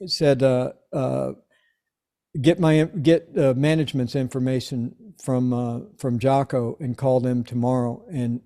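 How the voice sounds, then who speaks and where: Dark-voiced man telling a story. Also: medium pitch. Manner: animated storyteller, acts out quoted voices. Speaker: interview guest. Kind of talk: storytelling anecdote.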